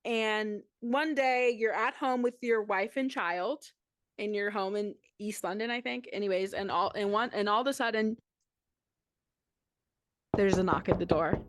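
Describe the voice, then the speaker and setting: A woman's voice: medium pitch, unhurried. A woman co-hosting a podcast, casually recapping a story with slang and acted-out quotes. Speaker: podcast co-host.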